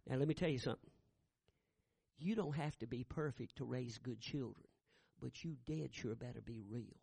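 A middle-aged man preaching a sermon, telling a family story and building to loud shouted peaks. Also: a little high, moderate pace, vocal fry, no room sound, clean studio sound. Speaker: pastor.

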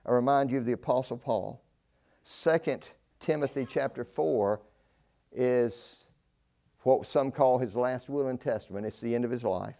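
An older man preaching a fervent sermon, swinging between loud declaring and low, slow emphasis. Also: vocal fry.

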